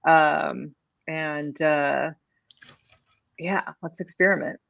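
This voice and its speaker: A woman's voice: low voice, steady tone, very slow, creaky, fairly bright tone, no room sound, dull audio. A woman cohosting a food podcast, encouraging and agreeable, with many short affirmations. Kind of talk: casual podcast chat.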